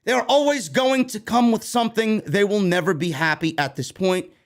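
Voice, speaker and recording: Heated, swearing wrestling-news host, high voice. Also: male voice, normal speed. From New York. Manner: animated, heated, heavy swearing. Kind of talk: profane ranting commentary.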